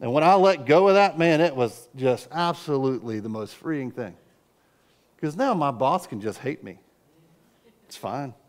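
A middle-aged man delivers a sermon as a pastor, with a voice of ordinary middle pitch. He tells his stories earnestly and now and then breaks into sudden loud outbursts. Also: animated, moderate pace.

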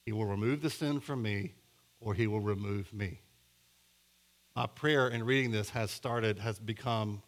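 A man's voice: lowish voice, a little slow. Man preaching a storytelling sermon. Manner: storytelling, building from hushed to emphatic. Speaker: pastor.

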